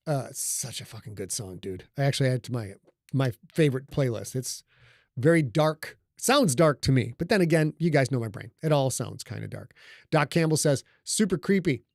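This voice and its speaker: A man's voice: mid-range voice, expressive, moderate pace, creaky, no room sound, studio quality. A middle-aged man hosting a casual livestream, talking loosely and joking with his audience. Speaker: livestream host and author. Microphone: studio microphone.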